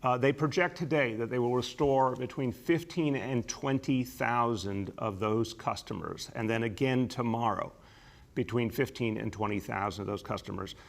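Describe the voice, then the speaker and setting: A man's voice: medium pitch, gravelly. Emphatic New man briefing press. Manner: measured, emphatic official delivery. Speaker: mayor giving a press briefing.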